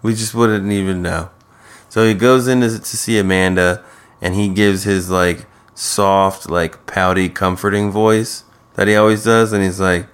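A man with a fairly low voice chats casually as a podcast co-host. He talks in a halting way, restarting sentences and filling gaps with "like.". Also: steady tone, clear, resonant tone. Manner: hesitant, with frequent restarts and "like". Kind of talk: casual chat recapping a TV show.

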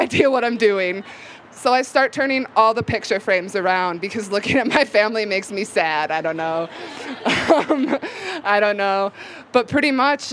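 A woman's voice: medium pitch, fairly bright tone, a little hiss or hum. A young woman telling a personal story live on stage, casual and rambling with many fillers. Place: live event venue.

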